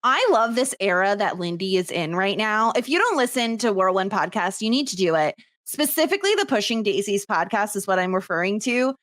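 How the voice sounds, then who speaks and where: A woman's voice: mid-range voice, brisk, few pauses. A woman co-hosting a podcast, recapping scenes in casual chat with frequent laughter. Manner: animated, laughs often while recapping. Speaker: podcast co-host.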